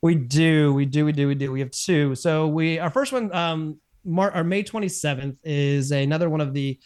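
At a normal speed, a man with a slightly high, mildly mellow voice co-hosts a podcast in casual, rambling chat. He corrects himself often and lets out chuckles.

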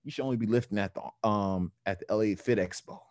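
A man doing a hesitant male official in a quiet, low, mumbling voice, stalling with ums. The sound is close and dry, with no room around it. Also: quick pace, no echo, natural voice. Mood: sheepish, evasive.

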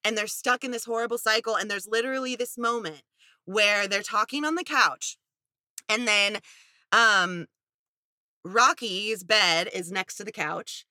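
Bright-voiced woman, animated and exasperated. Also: medium pitch, a little slow, no room sound, studio quality. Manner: animated, exasperated, sarcastic storytelling. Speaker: podcast co-host. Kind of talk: casual chat recapping a reality show.

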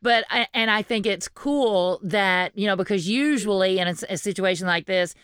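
A woman's voice: mid-range voice, normal speed, a bit bright, clear, resonant tone, no room sound, studio quality. A woman hosting a podcast in casual chat, rambling with restarts and frequent laughter. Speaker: podcast host.

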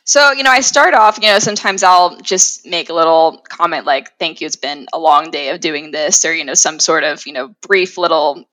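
A woman guest talks through her work in a chatty, casual way, with a lower-than-usual but bright, forceful voice. The sound is dry and close. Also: normal speed, hardly any pauses, no echo, low-quality recording. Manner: chatty, many fillers like "you know". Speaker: sales rep, guest. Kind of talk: conversational interview.

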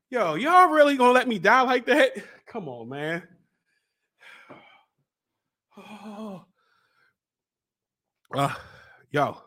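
A young man hosting his own show, joking and yelling while he sweats and burns from a hot pepper challenge. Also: extremely high pitch. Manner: loud, frantic and joking, yelling and sighing between lines. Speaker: podcast host and life coach. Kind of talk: live reaction during a spicy chip challenge.

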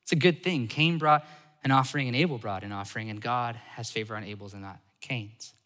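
A man preaching a sermon as a pastor, animated, switching between loud emphasis and soft asides. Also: medium pitch, fairly quick, long reverb tail.

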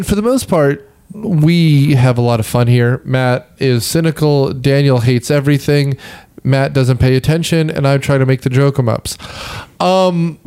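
A Midwestern-accented man hosts a movie podcast in a rambling, joking way, poking fun at himself. His voice sits a little higher than most men's. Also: darkish tone. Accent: Midwestern American. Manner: rambling, joking, self-deprecating. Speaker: podcast host. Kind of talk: casual movie-review chat.

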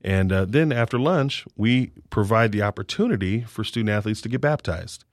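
Earnest low-voiced man telling a story. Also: lively intonation, moderate pace, dry recording, clean studio sound. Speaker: sports ministry leader. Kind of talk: storytelling in a faith interview.

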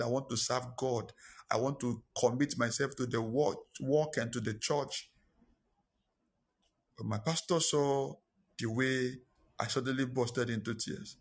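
A man preaches a sermon at a mid pitch. He is emphatic and repeats his phrases to drive each point home as he tells his own story. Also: husky. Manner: emphatic, repeats lines for stress.

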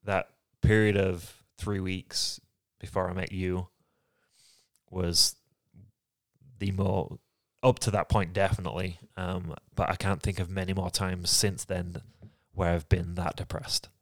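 Deep-voiced reflective man. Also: little pitch movement, no room sound, studio quality. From England. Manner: reflective, halting, soft-spoken. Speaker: podcast co-host. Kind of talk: candid personal conversation.

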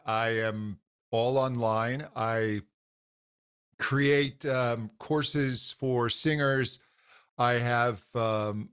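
Guest voice teacher, male, mid-pitched, earnest, loose conversational delivery. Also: fairly bright tone, clean tone. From grew up in a Scottish household. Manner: earnest, enthusiastic, many fillers and restarts. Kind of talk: casual interview talk.

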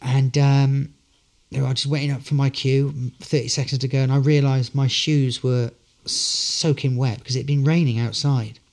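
A man's voice: mid-range voice, flat delivery, moderate pace. Rambling man telling stage stories. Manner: good-humoured, rambling storyteller. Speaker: actor, podcast guest. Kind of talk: casual interview anecdotes.

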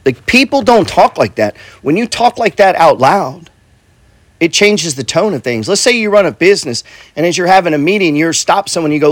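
A middle-aged real estate coach and investor talks motivation casually, cursing bluntly, repeating points, and peppering in "right?" and "bro." His voice is a little high and animated at a moderate pace, in a dry recording.

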